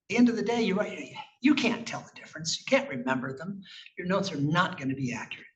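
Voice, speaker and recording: A man's voice: high-pitched, sing-song, quick pace. A man giving a conversational, emphatic conference presentation about clinical research with slides, asking rhetorical questions as he goes. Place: conference room. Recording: echoey, distant, muffled room recording with faint noise.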